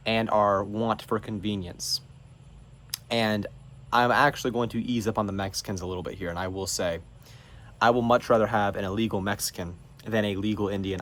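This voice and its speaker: A man from North Carolina, hosting his own show and delivering an emphatic, preachy monologue. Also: lowish voice. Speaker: show host. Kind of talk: political monologue.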